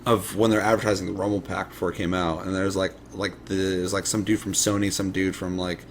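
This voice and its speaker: Young male co-host, low voice, rambling casual talk, swears a lot, faint background hiss. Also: flat delivery, brisk. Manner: rambling, swears often, acts out past thoughts. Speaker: podcast co-host. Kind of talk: casual chat.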